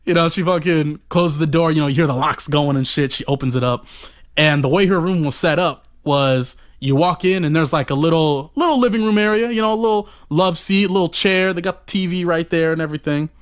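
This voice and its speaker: A man's voice: a little high, a little fast. A man telling a rambling, profane story on a podcast in a casual way, full of "you know" fillers.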